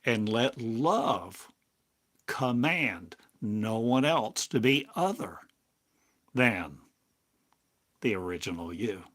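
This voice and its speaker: An older man delivers a meditative spiritual talk in a low, husky voice. He lingers on each short phrase and leaves long pauses between them. The pace stays unhurried throughout. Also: big pitch swings, fairly bright tone. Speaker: spiritual teacher. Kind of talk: slow meditative spiritual monologue. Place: home in a small town, drinking coffee.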